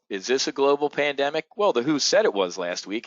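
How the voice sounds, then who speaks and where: A man hosting a live trading webinar, talking excitedly to his audience, swearing and calling them folks. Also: mid-range voice, moderate pace, few pauses, no room sound, dull audio.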